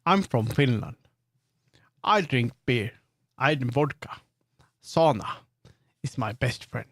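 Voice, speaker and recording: A man putting on a blunt, boastful stereotyped Finnish man, speaking in short flat statements. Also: mid-range voice, slow pace, no echo, clean studio sound. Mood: mock-boastful.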